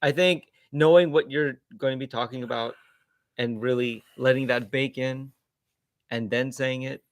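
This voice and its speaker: Soft-spoken male co-host chiming in. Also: mid-range voice, fairly even intonation, moderate pace, dry recording, clean studio sound. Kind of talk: casual livestream Q&A.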